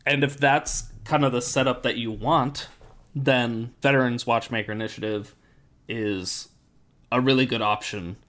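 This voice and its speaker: A man hosting a casual podcast chat, explaining things in a relaxed way with many fillers while his voice is going hoarse. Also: medium pitch, unhurried. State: losing his voice. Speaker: podcast host.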